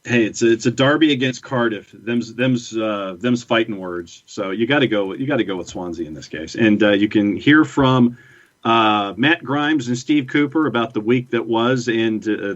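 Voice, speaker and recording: A man co-hosting a casual soccer podcast, giving measured, hedged opinions. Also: lowish voice. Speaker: podcast co-host. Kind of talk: casual sports chat. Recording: dull lo-fi remote line.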